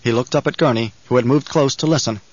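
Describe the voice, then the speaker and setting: A man reading an audiobook in measured, even scripted narration, on a dull lo-fi recording. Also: mid-range voice, no echo.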